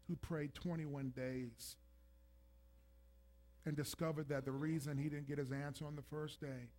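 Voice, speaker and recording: Impassioned male preacher, fairly high voice. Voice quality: emphatic, rising to loud preaching peaks. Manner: builds from calm to shouting intensity, acts out scripture voices. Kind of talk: sermon.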